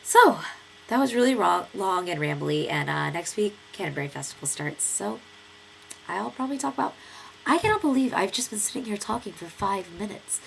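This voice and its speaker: A woman's voice: medium pitch, normal speed, vocal fry, a little hiss or hum. A young American woman in her twenties with a stuffy nose from a cold, telling a long story in a chatty, rambling vlog with lots of fillers. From United States. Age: 20s. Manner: chatty, lively storytelling with many fillers and acted quotes. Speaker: vlogger.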